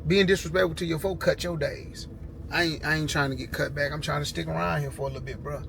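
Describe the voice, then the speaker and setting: Outdoors with dogs barking in the background, a car vlogger rambles in a laid-back, casual way. His voice sits a little high, with a steady tone, a fast pace and a creaky texture. Background noise is audible.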